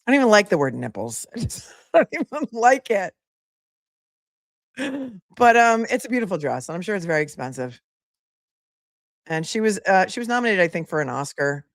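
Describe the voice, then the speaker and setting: A woman's voice: lowish voice, big pitch swings, brisk, pauses often, no room sound, studio quality. A woman attorney hosting a live commentary stream, chatty and sassy, laughing often as she talks to viewers.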